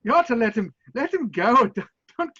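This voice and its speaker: A man's voice: very high voice, very animated, fairly quick, fairly bright tone, husky, dull audio, voice pushed up, exaggerated voice. A commanding Scottish café owner who keeps his staff in line, played by a man putting on the accent. The voice is lifted a little above the speaker's own. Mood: scolding. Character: stern older male Scottish café owner.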